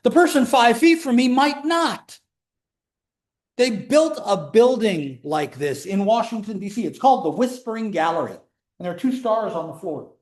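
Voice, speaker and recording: A man teaching a calculus class, explaining in a chatty way with joking asides, sometimes drawing words out and sometimes rushing. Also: high voice, expressive. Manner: pace swings between slow emphasis and quick runs. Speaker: math instructor. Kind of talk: classroom lecture.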